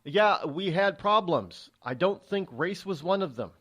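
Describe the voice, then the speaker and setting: Speaking at a measured pace with a high, breathy-edged voice, a middle-aged man delivers a sarcastic, opinionated talk radio monologue. He's lively and mimics the voices of those he quotes.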